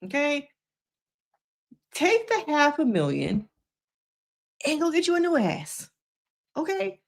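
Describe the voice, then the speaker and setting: A woman putting on the voice of a bitter adult woman who mourns her ruined body, talking in a shrill, exasperated way. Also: huge pitch swings, slow pace, gravelly, exaggerated voice.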